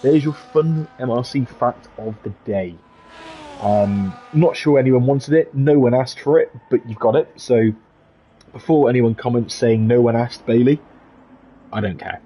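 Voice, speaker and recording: Chatty British race commentator. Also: male voice, mid-range voice, unhurried, husky, dull audio. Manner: chatty, jokey, reads out viewer messages. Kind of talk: live solo commentary with chat replies.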